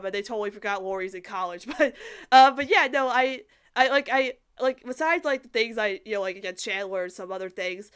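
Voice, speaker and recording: A young woman with a fairly high, slightly bright, clean voice co-hosts a casual podcast reviewing a cartoon episode. She giggles often and rambles, using lots of fillers.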